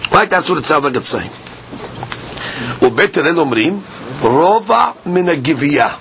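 High-voiced man teaching Talmud. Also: animated, normal speed, gravelly, a bit bright, a little hiss or hum. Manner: explains Aramaic text line by line in English, asks "okay? right?". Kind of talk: daily Talmud class.

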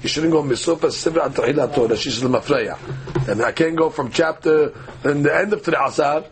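A man's voice: on the high side, fairly quick, background noise. A man teaching a daily Talmud class, reading the text aloud and translating it phrase by phrase with frequent hesitant fillers.

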